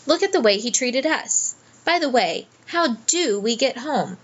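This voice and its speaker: A woman voicing a curious, excitable young English boy who is quick to exclaim, in a storybook reading. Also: high voice, lo-fi sound, voice pushed up, heavily acted. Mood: plain.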